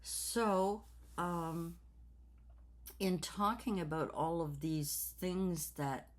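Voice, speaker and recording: A woman in her sixties talking slowly and reflectively in a personal vlog, with many fillers and repeated words. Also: fairly low pitch, fairly even intonation. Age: 60s. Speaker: craft channel host.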